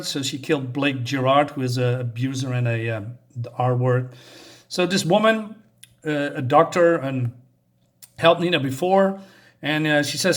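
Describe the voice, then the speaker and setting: A man's voice: fairly high pitch, fairly bright tone. Rambling man reviewing a comic. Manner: rambling, many fillers and restarts, chuckles. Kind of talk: casual video review.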